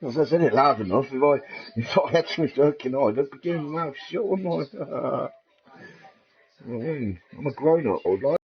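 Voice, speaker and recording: A man's voice: mid-range voice, lively intonation, normal speed, faint music behind. A middle-aged man with an English accent, rambling in a casual, profane monologue and laughing at his own jokes. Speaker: vlogger. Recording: dull lo-fi recording.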